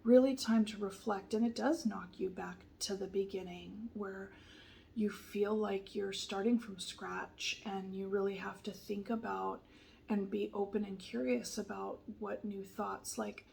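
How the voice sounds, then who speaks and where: A woman giving a soft-spoken tarot reading, gentle and reassuring, often sliding into a whisper and pausing with fillers. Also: medium pitch, steady tone, gravelly, a little hiss or hum, rough recording. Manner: hesitant, many fillers and restarts. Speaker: tarot reader.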